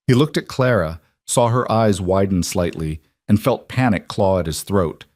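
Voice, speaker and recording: A man narrating a western romance story in a calm, measured scripted reading. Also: low voice, dry recording, clean studio sound.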